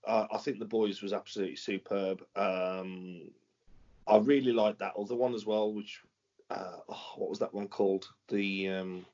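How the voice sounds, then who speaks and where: A man's voice: on the low side, steady tone, normal speed, a little mellow. A man co-hosting a casual podcast, rambling and searching for words as he talks. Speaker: podcast co-host. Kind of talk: casual banter. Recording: dull lo-fi podcast audio.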